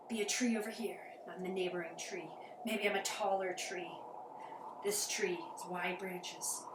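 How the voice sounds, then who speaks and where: A woman teaching a playful children's yoga session, talking in a sing-song voice that sometimes drops to soft whispers. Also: mid-range voice, moderate pace, background noise. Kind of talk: guided kids' yoga with animal play. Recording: echoey room, voice from a distance.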